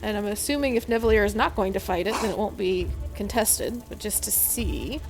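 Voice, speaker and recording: A woman's voice: medium pitch, fairly quick. A woman running a tabletop game as game master, giving plain rulings and laughing easily. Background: background music.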